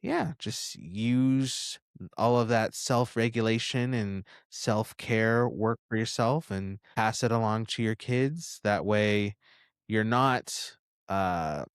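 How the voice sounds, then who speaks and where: Smooth low-voiced man co-hosting a podcast. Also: slow, no echo, studio quality. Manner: reflective, self-critical, repeats phrases. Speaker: podcast co-host. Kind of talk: casual chat.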